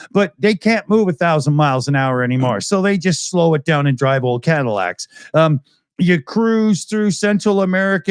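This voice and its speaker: A man's voice: on the high side, smooth, no echo, clean studio sound. A Canadian man co-hosting a casual online chat show, rambling and joking with frequent laughs. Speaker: podcast co-host.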